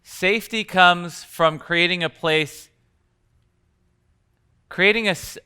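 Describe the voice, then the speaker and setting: A man's voice: high voice, takes it slowly, bright, forceful tone, smooth. A man teaching coaches at a live workshop in a conversational way, acting out bits of example dialogue. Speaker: coaching trainer.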